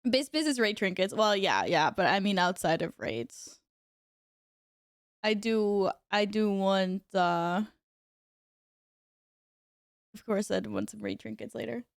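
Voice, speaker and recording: A woman's voice: medium pitch, animated, measured pace, vocal fry, no room sound, clean studio sound. A woman streamer chatting casually with her viewers while gaming at home, laughing often and reacting aloud.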